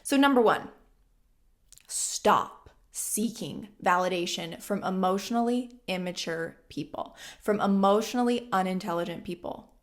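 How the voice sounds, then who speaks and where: A woman in her twenties talks straight to her viewers about self-help in a casual, blunt way. She leans on emphatic repetition to drive each point home, in a voice of middling pitch. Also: unhurried. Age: 20s. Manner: emphatic and blunt, repeats lines for stress. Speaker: vlogger.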